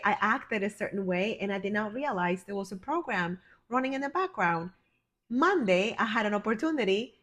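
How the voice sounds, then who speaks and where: Effusive motivational woman healer. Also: a little high. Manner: effusive, emphatic, calls the viewer honey and my friend. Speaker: healer and life coach. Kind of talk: motivational direct-to-camera talk.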